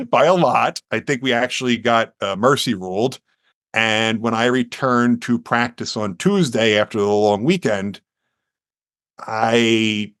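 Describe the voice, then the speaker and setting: Low-voiced New man telling a story. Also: no room sound, clean studio sound. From United States. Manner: earnest, animated storyteller who acts out quotes. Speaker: podcast guest. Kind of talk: storytelling in a podcast interview.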